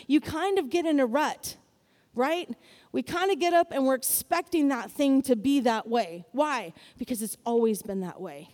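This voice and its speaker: A woman preaching a sermon to a congregation, animated and building to loud exclamations. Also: high voice, long reverb tail.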